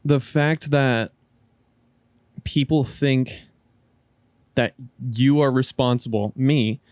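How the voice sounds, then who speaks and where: A man's voice: mid-range voice, fairly even intonation, slow, a little mellow, dry recording. Rambling, swearing podcast man. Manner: rambling, restarts often, swears casually. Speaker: podcast co-host. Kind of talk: casual podcast discussion.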